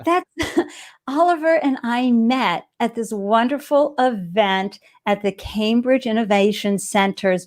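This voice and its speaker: A woman with a Boston accent hosting a live stream interview, bubbly and enthusiastic as she greets viewers. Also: mid-range voice. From Boston area, US. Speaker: live stream show host.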